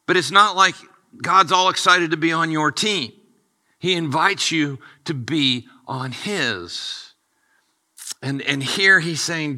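A middle-aged male pastor preaching a sermon, animated and acting out the dialogue with rising excitement. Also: on the high side, unhurried.

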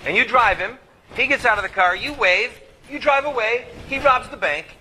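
A man's voice: very high-pitched, lively intonation, moderate pace, sharp tone, a little hiss or hum, low-quality recording. A man giving an impassioned speech to a live audience, preaching and firing rhetorical questions at the crowd. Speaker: activist speaker.

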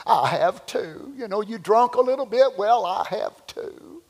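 A man putting on the voice of a soft-spoken, flattering preacher who coddles his flock in a sugary, quiet way, heard in an echoey church hall. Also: high voice, unhurried.

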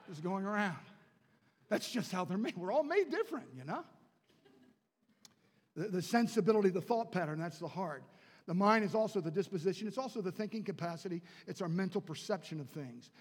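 A man from the Baltimore area preaching a sermon in a chapel, swinging from quiet asides to shouted declarations. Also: sits high, lively intonation, moderate pace, in a large hall.

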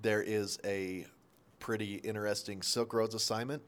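A man's voice: lowish voice, fairly even intonation, normal speed, fairly bright tone, clear, resonant tone. A male teacher giving a short, casual history lesson, talking conversationally with asides and self-corrections. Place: local area near Salt Lake.

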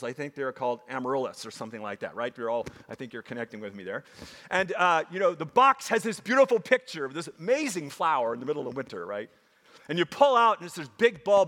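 A man preaching a sermon to a congregation, emphatic and animated, with frequent asides to his listeners. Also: on the high side. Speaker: pastor. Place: church sanctuary. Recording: long hall reverb.

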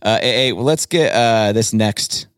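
A man's voice: fairly low pitch, a little slow, smooth, no echo. Hype-driven male podcast host, dry sound. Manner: hype-driven, jokey, shouting out reps. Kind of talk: casual sales-team podcast chat.

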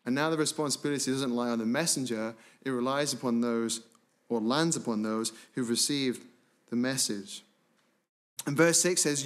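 Emphatic male pastor preaching. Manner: emphatic preaching, drops low and quiet on key words; slows down to stress phrases. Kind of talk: sermon.

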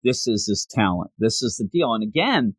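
Animated man retelling a story. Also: lowish voice, breathy edge, no echo. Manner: animated storytelling, acting out characters' lines in quick voices. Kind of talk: casual chat recapping a basketball anime.

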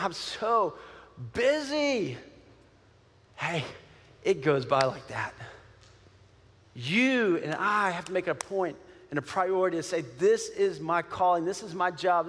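A man, a pastor, preaching a sermon in a conversational, animated way with many fillers and restarts. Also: high-pitched, moderate pace, big-room sound. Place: church sanctuary.

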